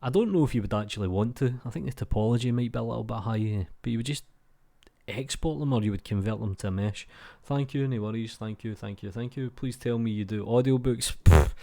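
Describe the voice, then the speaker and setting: A man's voice: medium pitch, brisk, vocal fry, mellow. A British man hosting his channel, reading out viewer comments in a laid-back, chatty way, swearing freely and calling people mate. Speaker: YouTube channel host.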